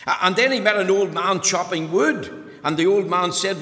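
A man telling a story to children, lively and asking them questions as he goes. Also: high voice, moderate pace. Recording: long hall reverb.

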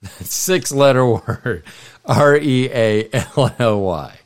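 A man's voice: mid-range voice, lively intonation, slow pace. Rambling middle-aged male podcast host. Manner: meandering, frequent restarts and self-corrections. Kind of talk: casual rambling monologue.

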